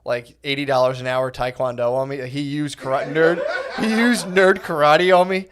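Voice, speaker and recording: A man's voice: a little high, steady tone, moderate pace, crowd noise. A man in his thirties on a comedy podcast, telling rambling stories in casual chat and laughing through them. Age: 30s. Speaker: podcast co-host.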